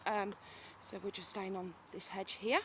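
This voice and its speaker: A woman in her thirties with a British accent talks into her phone while riding her horse through fields. She rambles in a relaxed, chatty way, full of ums, and sometimes turns to speak to the horse. Faint outdoor noise runs behind her. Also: mid-range voice, measured pace. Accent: British English. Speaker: vlogger. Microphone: phone held while riding. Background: outdoor ambience with animal sounds.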